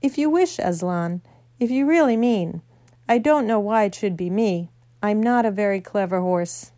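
Humble cab horse guy, kinda high and eager, soft tone, woman putting him on. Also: moderate pace, no echo, close to an everyday voice.

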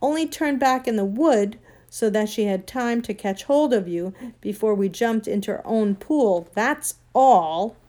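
A woman voicing a spirited, sharp-tongued young girl in a storybook reading, brisk and tart. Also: medium pitch, steady tone, lightly acted. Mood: sarcastic.

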